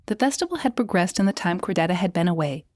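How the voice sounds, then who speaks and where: A woman narrating a fantasy romance audiobook in an even, measured storytelling manner. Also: on the low side, dry recording, studio quality. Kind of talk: scripted narration.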